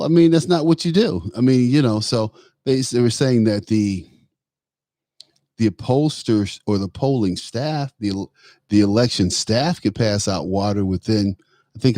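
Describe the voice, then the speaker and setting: A man's voice: lowish voice, no echo, studio quality. A man hosting his own political talk show, speaking bluntly and animatedly and laughing as he goes. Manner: animated, laughs while talking, blunt asides. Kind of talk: solo political commentary.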